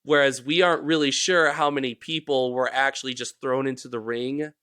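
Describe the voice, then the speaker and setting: A man's voice: medium pitch, steady tone, a little fast, sharp tone, clear, resonant tone, dry recording, clean studio sound. A man hosting a casual podcast, explaining history in a rambling, jokey, self-correcting way. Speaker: podcast host presenting research.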